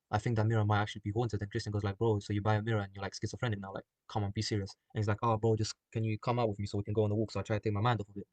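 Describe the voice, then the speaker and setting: A young-sounding man talks through a story idea in a loose, rambling way, dropping "like" and "um" everywhere. His voice sits low and the sound is close and dry, with no room around it. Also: dry recording. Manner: rambling, full of "like" and "um". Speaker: group chat member pitching a film plot. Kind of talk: casual story pitch.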